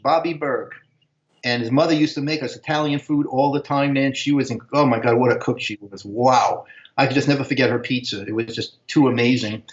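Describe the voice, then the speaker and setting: A man, casually telling animated stories, and he sometimes acts out voices in a high, excited tone. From Brooklyn, New York. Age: 60s. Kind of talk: casual storytelling. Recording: echoey, dull video call audio.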